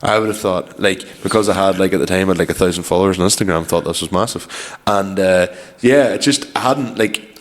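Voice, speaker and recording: Man, very deep voice, rambling laughing banter, podcast co-host. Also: a little fast. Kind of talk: casual banter.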